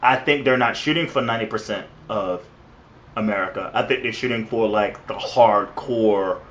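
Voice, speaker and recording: Easygoing podcast co-host who stumbles over restarts; dull lo-fi audio. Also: male voice, fairly low pitch, moderate pace, fairly bright tone, a little hiss or hum. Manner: laid-back, stammering restarts. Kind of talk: casual chat.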